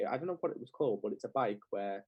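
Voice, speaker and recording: A man's voice: on the low side, animated, fast talker, breathy edge, dry recording, dull audio. Young man rambling casually. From England. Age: young adult. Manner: rambling, heavy with "like" fillers. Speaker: clothing brand founder, guest. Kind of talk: casual podcast conversation.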